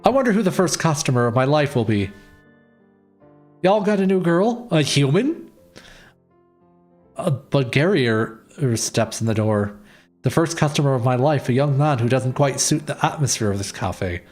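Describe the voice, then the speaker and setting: A man's voice: mid-range voice, lively intonation, normal speed, a little mellow. Streamer: a man with a middle voice reading a game aloud, light music under him. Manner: playful, reads all characters. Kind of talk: reading a visual novel aloud.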